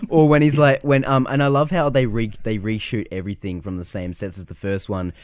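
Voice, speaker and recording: A man's voice: fairly low pitch, brisk, dry recording. Aussie guy ranting about movies on a podcast, swears a lot, does little voices, dry close sound. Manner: animated, swearing, acting out film scenes in put-on voices. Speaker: podcast co-host. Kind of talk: casual film chat.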